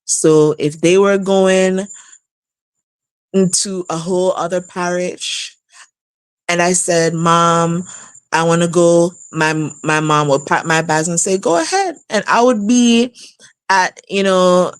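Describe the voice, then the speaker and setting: A woman in her thirties recounts a personal story in an animated, casual way, laughing often. Her voice sits fairly low and she talks at an unhurried pace. The sound is dry and close. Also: smooth, dry recording. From outside the U.S. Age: 30s. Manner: animated, laughs often, jumps up high for emphasis. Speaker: guest telling her story on a live stream. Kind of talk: casual storytelling on a live stream. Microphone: live stream setup.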